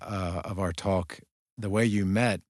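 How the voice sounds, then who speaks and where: A man chatty host, low voice. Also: measured pace, no echo, clean studio sound. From United States. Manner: friendly, chatty, animated storytelling. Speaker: podcast host. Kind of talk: casual interview over video chat. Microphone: video call.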